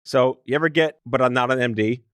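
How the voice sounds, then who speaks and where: A man's voice: mid-range voice, a bit bright, no echo. A man from New York with a faint New York accent, hosting a podcast interview in a playful, teasing way. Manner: playful, teasing, quick with jokes. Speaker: podcast host. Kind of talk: casual joking interview.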